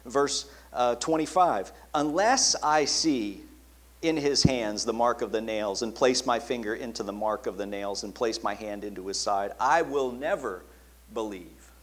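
A man preaching a sermon in an earnest tone, dropping soft and quiet when he quotes the words he attributes to Jesus. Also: on the low side, normal speed. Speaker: pastor.

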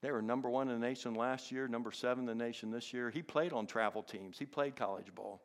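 A man in his fifties, a teacher telling a personal testimony, who swings from loud excitement to soft, hushed tones. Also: fast talker. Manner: animated, jumps into high excited voices for characters, then drops soft and hushed. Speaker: teacher and inspirational speaker. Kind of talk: storytelling testimony.

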